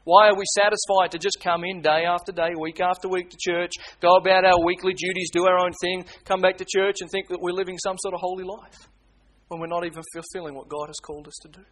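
High-pitched guy preaching, goes quiet then gets loud and pleading. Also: flat delivery, fast talker. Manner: impassioned preaching, swings from hushed pleading to loud urgent appeals. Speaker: pastor. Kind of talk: sermon.

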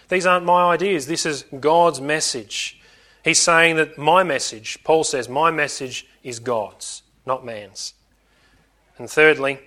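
Bright-voiced man preaching a sermon. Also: a little high. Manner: earnest teaching with repetition and emphasis.

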